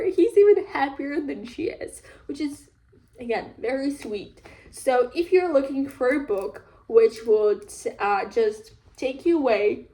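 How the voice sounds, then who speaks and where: Slow, higher-voiced woman chatting casually. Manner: rambling, relaxed, lots of filler words. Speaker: book reviewer. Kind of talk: casual book review chat.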